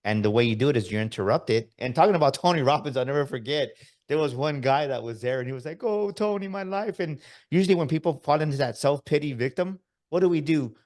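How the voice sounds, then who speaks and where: A man hosting a podcast, telling stories in an animated way and often checking in with "right?". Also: medium pitch, quick pace, hardly any pauses. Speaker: podcast host. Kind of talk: casual interview chat.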